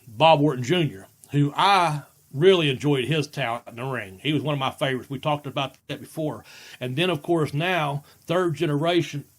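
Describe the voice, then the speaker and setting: A man with a fairly high speaking voice hosts a casual podcast. He tells stories in a folksy, rambling way, often breaking into laughter. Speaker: podcast host. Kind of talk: casual storytelling chat.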